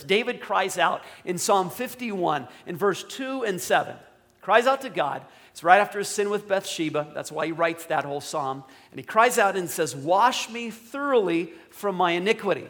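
Male pastor, high-pitched, conversational sermon delivery with forceful emphatic moments. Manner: conversational preaching with emphatic quoted commands.

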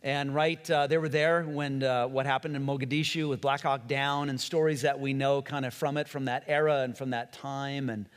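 A man's voice: medium pitch, level tone, normal speed, hardly any pauses, clear, resonant tone, big-room sound. A man preaching a sermon in a conversational way, acting out quotes and often restarting his sentences. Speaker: pastor.

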